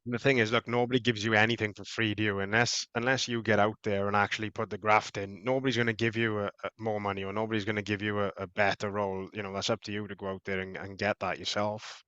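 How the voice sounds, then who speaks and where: Low, flat-voiced fast-talking male host. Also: clear, resonant tone, no echo. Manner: agreeable, sums up the guest's points. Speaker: podcast host. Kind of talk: casual interview chat. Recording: dull lo-fi sound.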